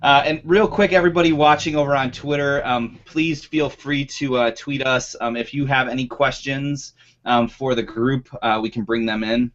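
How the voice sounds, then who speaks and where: A man's voice: mid-range voice, fairly even intonation, moderate pace, a bit bright, dull audio. A man hosting a video call panel loosely, with many ums and uhs. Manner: loose, filler-heavy. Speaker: panel host.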